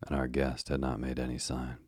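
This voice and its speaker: Very deep, husky sleep-story narrator. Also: male voice, no echo, studio quality. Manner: calm, even and unhurried.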